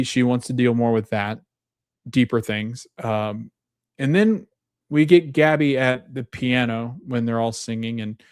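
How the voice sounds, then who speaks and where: A man hosting a podcast, chatting casually through a TV episode recap with animated retelling and frequent restarts. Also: mid-range voice, dry recording, studio quality. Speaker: podcast host.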